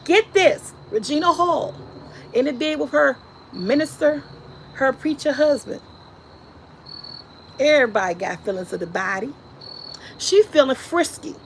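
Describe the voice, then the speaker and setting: Woman vlogger, high voice, slow unhurried delivery, animated retelling, faint crickets behind. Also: a little hiss or hum, low-quality recording. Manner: laughs and shrieks while retelling scenes. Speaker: vlogger reviewing a movie. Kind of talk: animated casual storytelling.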